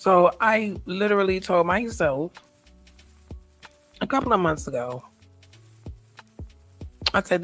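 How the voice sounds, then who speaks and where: A woman's voice: on the low side, animated, slow pace, pauses often, faint music behind. An American woman talking in a personal, reflective vlog monologue. She speaks in a heartfelt, emotional way and repeats her affirmations. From United States. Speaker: vlogger.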